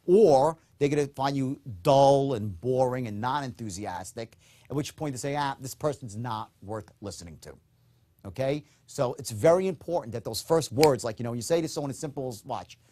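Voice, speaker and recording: A man lectures on sales technique in a recorded course. His delivery is emphatic and direct, with a mid-range voice. He often pauses to check in with a quick "okay?" before pushing on. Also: mid-range voice, warm tone. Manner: acts out upbeat and dull tones in demonstrations. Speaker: sales trainer.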